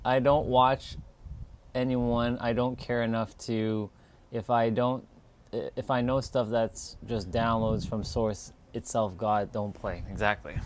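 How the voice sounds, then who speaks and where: A man's voice: mid-range voice, steady tone, takes it slowly. A man hosting a casual livestream who chats in a laid-back, musing way and laughs easily. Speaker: livestream host.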